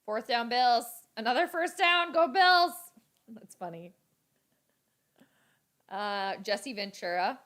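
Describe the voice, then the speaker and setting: Excitable young woman streaming live. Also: on the high side, takes it slowly, pauses often. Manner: chatty, reads viewer comments aloud, bursts of excitement at the game. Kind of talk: casual live reaction chat.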